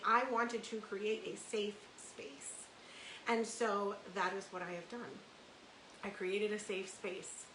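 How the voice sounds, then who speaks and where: A rather high-pitched woman in her thirties rambles chattily as a podcast host, piling up fillers and restarts. Her voice rings in a room with a lot of echo, over a faint hiss. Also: sharp tone. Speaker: podcast host and life coach. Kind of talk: casual livestream monologue.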